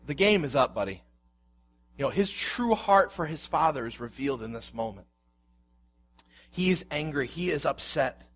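A man's voice: fairly high pitch, expressive, moderate pace, pauses often, a bit bright, slightly rough. A man preaching a sermon, reading scripture aloud and explaining it with rhetorical questions. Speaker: pastor.

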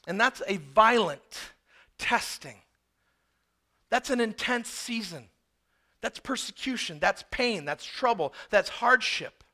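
A man delivers a sermon in a high, bright voice. He tells the story with animated emphasis and poses rhetorical questions to his listeners. His delivery is energetic. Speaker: preacher.

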